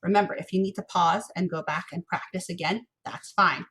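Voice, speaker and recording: Speaking into her computer mic from a home office, a young woman runs a kids' music lesson with playful encouragement and clearly chanted rhythm syllables in a teacher's cadence. Her voice is on the low side, fairly even, a little fast and a bit bright. Slight background noise is audible.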